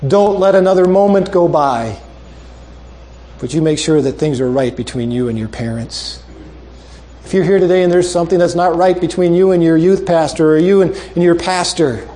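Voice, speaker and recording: Closing his sermon with a story, a male preacher makes earnest, repeated appeals, dropping soft and low for emphasis.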